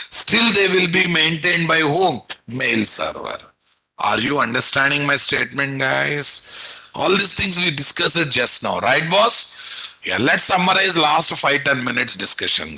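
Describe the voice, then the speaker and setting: A programming instructor teaches a live online class, repeatedly quizzing his students with rhetorical questions and coaxing them along in a repetitive, teacherly way. His voice is on the high side, sharp in tone and slightly rough, and the recording is rough.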